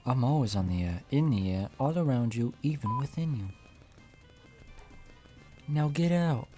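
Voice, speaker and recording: A man voicing a boastful male video game character who never stops talking, in a slightly lowered voice. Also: expressive, unhurried, warm tone, soft background music, lightly acted.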